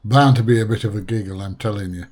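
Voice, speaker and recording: A man's voice: fairly low pitch, fast talker, darkish tone. An English man hosting a reaction video, talking in a chatty, amused way. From England. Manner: chatty and amused, laughs often. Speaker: host. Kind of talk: casual reaction commentary.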